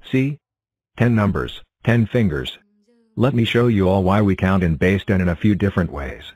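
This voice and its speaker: Super deep woman voice for a kids cartoon, calm, explains stuff, dry close mic. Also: moderate pace, dry recording. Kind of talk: cartoon voice acting.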